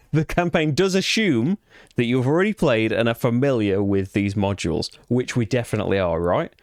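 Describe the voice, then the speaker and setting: A man's voice: medium pitch, animated, moderate pace, dry recording, clean studio sound. Chatty man explaining board game rules. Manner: chatty, rambling, with frequent fillers and restarts. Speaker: board game channel host.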